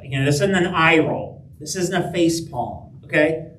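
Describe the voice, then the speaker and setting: A man's voice: a little high, animated, normal speed, hardly any pauses, a bit bright, slight background noise. A man preaching a conversational sermon, often checking in with "right?" and "okay?". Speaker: pastor. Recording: echoey room, heard from a distance.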